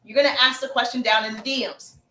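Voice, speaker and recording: A woman hosts a casual live stream with sales tips, her voice high and bright. She chats with viewers, calls them baby and acts out sample messages. The room gives back a noticeable echo. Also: steady tone, fast talker. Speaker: livestream host and sales coach. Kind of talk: casual livestream coaching.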